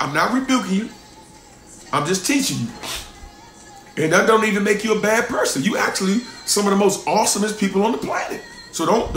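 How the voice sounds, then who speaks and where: A male pastor preaching a sermon with a high, lifted voice. He stresses points by repeating them and drops from loud bursts to quiet asides. The room is echoey, with faint music underneath. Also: creaky. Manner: emphatic, repeats lines for stress, swings from loud to hushed.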